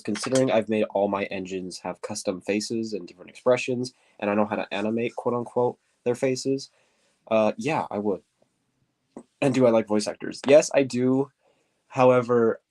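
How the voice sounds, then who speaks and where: A man with a deep, stuffy voice, answering viewer questions in a casual livestream, rambling and hunting for words. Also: a little mellow. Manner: rambling, searches for words, says quote-unquote often. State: stuffy nose. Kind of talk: casual livestream chat while building.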